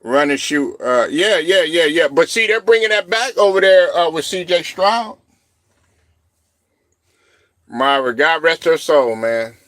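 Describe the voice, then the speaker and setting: A man in his thirties hosts a casual live stream, rambling from one story to the next and laughing often. His voice is bright and sits a little high. The sound is dry and close, with no room around it. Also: expressive, measured pace, long pauses, no echo. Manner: rambling, laughs often, shouts quoted reactions. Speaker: show host.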